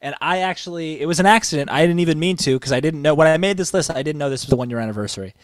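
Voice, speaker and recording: A man's voice: on the high side, rapid-fire, dry recording. A man co-hosting a casual wrestling chat, telling stories with enthusiasm as he counts down a list. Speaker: wrestling podcast co-host.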